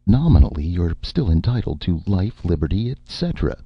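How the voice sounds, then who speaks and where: A man voicing a capable woman agent in a spoken story, raising his pitch, brisk and insistent. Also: very animated, slightly rough, dry recording, exaggerated voice. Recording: dull lo-fi, dry.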